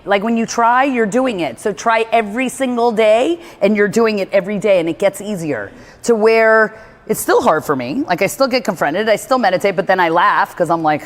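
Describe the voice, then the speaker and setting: This meditation-focused motivational speaker talks chattily and fairly quickly in a medium-pitched voice, filling her rambling with "like" and playing out her own inner thoughts. Her casual talk is recorded in a reverberant room.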